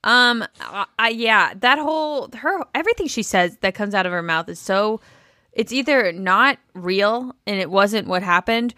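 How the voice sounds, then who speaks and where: A woman's voice: medium pitch, animated, moderate pace, bright, forceful tone, no room sound, clean studio sound. A woman co-hosting a podcast, blunt and sarcastic in casual chat about a reality show. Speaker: podcast co-host.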